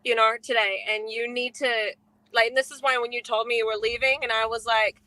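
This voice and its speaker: A woman co-host chats warmly in a gushing, effusive way, piling on praise and fillers. Her voice is bright and forceful and sits a little high, recorded dry and close with no room around it. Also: fairly even intonation, a little fast, dry recording, rough recording. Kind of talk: casual podcast chat.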